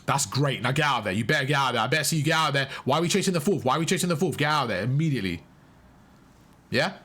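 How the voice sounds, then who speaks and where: A man's voice: mid-range voice, animated, very fast, fairly bright tone, husky. A young man coaching a player live through a match, emphatic and full of praise, repeating his instructions. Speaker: game coach. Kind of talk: live gameplay coaching commentary.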